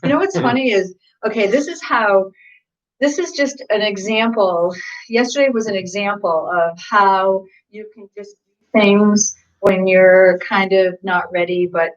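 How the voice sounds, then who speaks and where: A woman's voice: mid-range voice, a little slow, far from the mic. A woman co-hosting a live workout stream, talking in a loose, rambling way and laughing easily between thoughts. Her voice sits in a middle range. It is picked up from well away from the mic, and the sound is dull and lo-fi. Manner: chatty, giggly, rambling. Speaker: fitness coach and co-host. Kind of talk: casual livestream chat.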